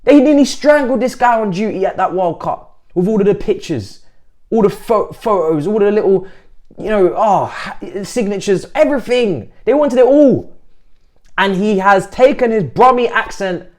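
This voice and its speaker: Animated man doing a football vlog. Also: moderate pace. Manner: animated, swings from loud mocking to low muttering. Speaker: football channel host. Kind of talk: excited football commentary vlog.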